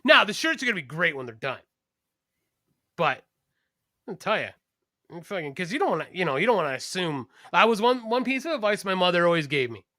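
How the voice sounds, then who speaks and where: A man hosting a podcast, telling a story with lots of cursing and animated energy. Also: high-pitched, a little fast, long pauses, dry recording, studio quality. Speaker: podcast host, garbage collector. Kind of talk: casual podcast chat.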